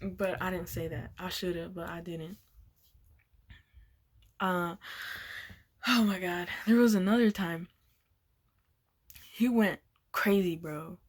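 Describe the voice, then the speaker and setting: A woman's voice: fairly low pitch, fairly even intonation, slow, pauses often. A young woman vlogger telling a casual storytime, laughing often and swearing as she rambles. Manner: giggly, swears a lot, loose and rambling.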